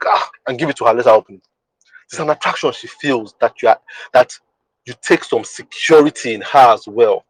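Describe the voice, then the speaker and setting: A man's voice: on the high side, lively intonation, quick pace, no room sound, poor audio. A man hosting a podcast who teaches in an emphatic, repetitive way and often asks the listener whether they understand. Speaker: podcast host. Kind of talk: teaching monologue.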